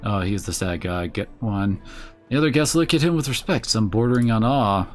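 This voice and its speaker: Man, let's play commentary, casual, wry, lively intonation. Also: lowish voice, moderate pace, soft background music. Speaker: gamer playing on stream.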